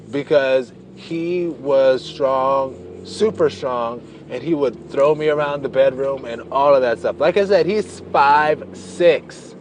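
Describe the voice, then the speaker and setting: A man tells a personal story straight to his viewers in a loose, playful, gossipy way, wandering off on tangents and leaning hard on drawn-out words. His voice sits at an ordinary middle pitch. Faint background noise hangs under the recording. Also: darkish tone. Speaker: vlogger. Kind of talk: casual storytelling to camera.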